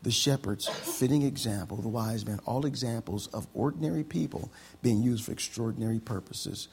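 Male pastor preaching, gravelly mid-range voice, repeats lines as he builds up. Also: mid-range voice, normal speed. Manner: preaching with rising excitement, repeated phrases. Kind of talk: sermon.

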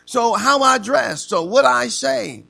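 A man preaching an interactive sermon to a class, asking the room questions and acting out stories with slow, emphatic delivery. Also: very high-pitched, expressive, creaky, pushed and bright, soft background music.

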